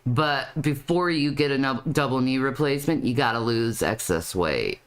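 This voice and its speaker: A woman's voice: rumbling low, lively intonation, normal speed. A woman commenting on a video clip, often stammering and repeating her words. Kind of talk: reaction commentary.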